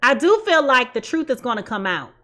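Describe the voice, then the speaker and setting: A woman's voice: on the high side, very animated, brisk, fairly bright tone. A woman giving a casual tarot reading in a blunt, sassy way and laughing at her own jokes. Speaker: tarot reader.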